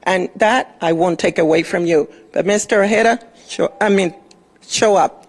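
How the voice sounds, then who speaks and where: A woman's voice: fairly low pitch, normal speed. A woman giving an impassioned public comment to a city council, scolding officials and praising others.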